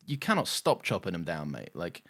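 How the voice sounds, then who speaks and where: A man's voice: low voice, huge pitch swings, normal speed, a bit bright, pitched below the performer's own voice, heavily acted. A man loosely mimicking a weary, lecturing male alien time traveller during a podcast chat. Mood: dismissive. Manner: dismissive, lecturing paraphrase.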